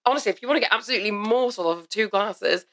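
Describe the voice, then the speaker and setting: A young woman co-hosting a podcast, chatting in a bubbly, jokey way with quick asides. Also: medium pitch, fairly bright tone. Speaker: podcast co-host. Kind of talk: casual chat.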